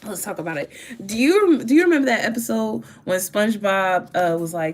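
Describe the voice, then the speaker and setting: A woman's voice: medium pitch, animated, normal speed. A woman doing a casual tarot reading, talking in a rambling, emphatic way and swearing freely. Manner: profane, rambling and emphatic, with sudden laughs. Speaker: tarot reader.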